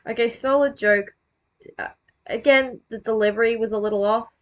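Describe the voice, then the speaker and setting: A woman's voice: fairly high pitch, steady tone, moderate pace. A woman giving casual, self-deprecating commentary on her own old video, rambling, swearing and restarting her sentences.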